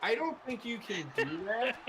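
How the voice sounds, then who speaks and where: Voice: mid-range voice, big pitch swings, normal speed, noisy background. A co-host chatting casually over a gameplay stream, teasing and swearing. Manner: teasing, swears, laughs often.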